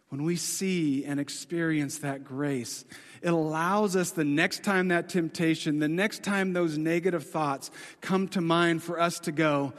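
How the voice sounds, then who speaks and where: A man preaching a sermon in a casual, conversational way, telling the story dramatically and swinging from excited to hushed. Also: on the high side, a little slow. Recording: long hall reverb.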